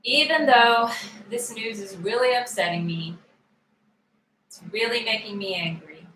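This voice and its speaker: A woman coaching a guided tapping session, calmly voicing upset feelings aloud for listeners to repeat. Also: on the high side, measured pace, echoey room, a little hiss or hum, poor audio.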